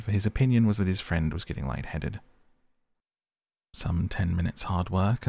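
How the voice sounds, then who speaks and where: A man narrating a storybook in a measured, steady reading voice. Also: low voice, vocal fry, no echo. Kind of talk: audiobook narration.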